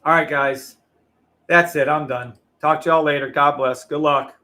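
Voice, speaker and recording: A man hosting a live trading show, ranting in a loud, profane, combative way to his viewers. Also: on the high side, steady tone, moderate pace. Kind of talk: heated livestream rant.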